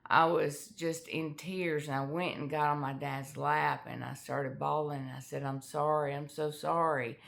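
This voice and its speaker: A middle-aged woman telling a personal family story in a candid, halting way with many fillers. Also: sits low, level tone, vocal fry, a bit bright. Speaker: author sharing her life story.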